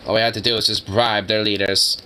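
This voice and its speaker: A man voicing a scheming alien overlord in a flat, robotic monotone. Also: fairly low pitch, a little hiss or hum, low-quality recording. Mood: deadpan scheming. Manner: flat, deadpan, unhurried.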